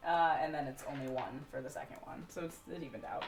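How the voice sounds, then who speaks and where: A woman playing a tabletop game in casual chat, excitable and quick to swear. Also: rumbling low. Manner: excitable, swears freely, lively. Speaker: player. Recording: echoey room, far from the mic, music behind.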